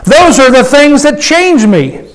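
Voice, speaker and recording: High-voiced folksy preacher man. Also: sing-song, slow pace, low-quality recording. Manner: folksy, emphatic, asks the congregation questions. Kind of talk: conversational sermon with call and response.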